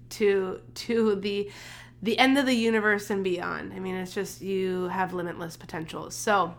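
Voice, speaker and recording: A woman's voice: medium pitch, fairly bright tone. Upbeat chatty woman podcast host. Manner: upbeat, encouraging, chatty with many fillers and restarts. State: a little congested. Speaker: podcast host, holistic nutritionist. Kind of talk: casual pep-talk monologue.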